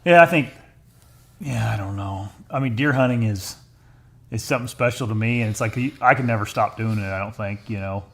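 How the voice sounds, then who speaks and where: A man co-hosting a podcast, laid-back and quiet, talking casually with many short agreements. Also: on the low side, fairly quick.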